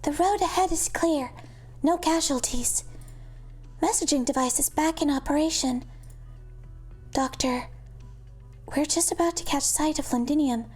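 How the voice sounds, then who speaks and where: Lady putting on a peppy yankee soldier girl, high voice, snappy reports. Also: darkish tone, faint music behind. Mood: brisk. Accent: American Yankee. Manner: brisk report style. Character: spirited young female soldier scout.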